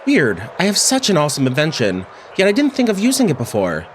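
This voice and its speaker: A man's voice: a little high, huge pitch swings, fairly quick, a little hiss or hum, pitched above the performer's own voice. Emmerich, a pompous little inventor, read by a man. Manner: pompous, self-important. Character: boastful, greedy little inventor.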